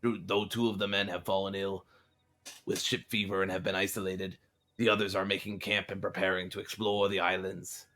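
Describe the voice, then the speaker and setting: A man in a put-on pirate accent voicing a solemn old-time pirate captain as he reads journal entries aloud in a low, formal way. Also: flat delivery, a bit bright. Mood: grave. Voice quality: low, measured and grandly formal.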